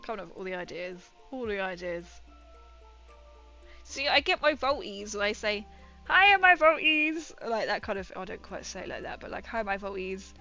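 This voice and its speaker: Woman, young, chatty livestream talk, giggly, bright voice, muffled audio with faint music. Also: mid-range voice, brisk. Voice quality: giggly, chatty, drops consonants. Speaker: streamer. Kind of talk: casual livestream chat.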